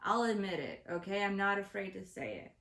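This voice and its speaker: A woman's voice: medium pitch, sing-song, fairly quick, gravelly, a bit bright. A woman hosting her own show, delivering an exasperated, profane comedic rant to the camera. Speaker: host. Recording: roomy echo.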